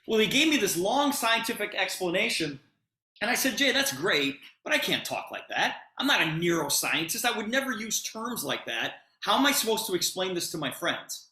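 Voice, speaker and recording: Middle-aged man, animated storyteller, bright forceful voice, roomy echo. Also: sits high, moderate pace. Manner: retells the conversation with plenty of expressive emphasis. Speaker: presenter telling a personal story.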